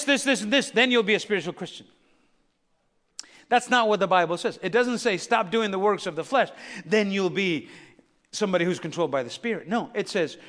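A man preaching a sermon as pastor, building to shouts and calling on the congregation to answer back. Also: extremely high pitch. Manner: preaching with rising shouts and call-and-response. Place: church sanctuary. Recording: long reverb of a church hall.

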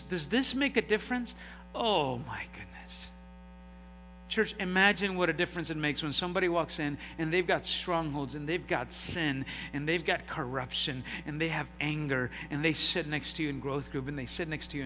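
A man preaching in a church with a bright, higher voice, acting out the people in his stories. The sound is a live recording with a long hall reverb. A faint electrical hum sits underneath. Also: fairly quick. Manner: animated storytelling with acted-out voices. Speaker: pastor. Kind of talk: sermon. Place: church sanctuary.

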